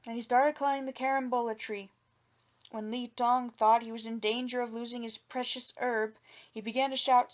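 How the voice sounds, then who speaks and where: High-voiced woman telling a folk tale. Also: moderate pace. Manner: expressive, lively reading. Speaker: storyteller. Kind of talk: storybook narration.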